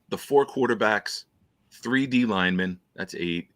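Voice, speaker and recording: Host, male, low voice, bright and relaxed, joking chatter. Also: a little slow, no echo. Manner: laid-back, joking, thinks aloud. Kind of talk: casual chat.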